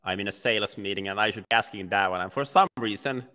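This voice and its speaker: A man hosting a podcast interview, asking questions in a halting way with many fillers. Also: fairly low pitch, bright, forceful tone, clean tone, big-room sound. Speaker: podcast host.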